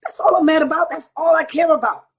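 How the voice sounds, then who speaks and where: A man's voice: very high voice, quick pace. A man hosting an online show, delivering a heated, profane monologue straight to his viewers. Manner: profane, combative, preaching to viewers.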